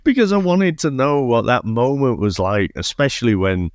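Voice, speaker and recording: A man's voice: medium pitch, animated, normal speed, no echo. A man co-hosting a casual film podcast, talking with enthusiasm, laughing often and swearing freely. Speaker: podcast co-host. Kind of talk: casual chat.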